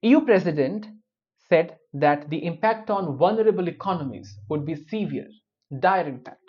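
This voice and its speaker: A man's voice: fairly high pitch, expressive, normal speed. A man giving news commentary, dropping wry, opinionated personal asides between the reports. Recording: dull lo-fi recording.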